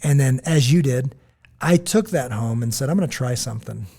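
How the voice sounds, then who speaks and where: An American man co-hosting a podcast, chatting casually and telling stories, acting out quotes in lively voices. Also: mid-range voice, moderate pace, vocal fry, breathy edge. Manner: animated storytelling, quotes others in lively voices. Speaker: podcast co-host. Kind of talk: casual chat.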